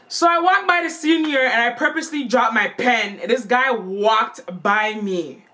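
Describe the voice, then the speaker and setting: A young woman telling a storytime vlog in an animated, playful and slangy way. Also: high-pitched, a little slow. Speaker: vlogger.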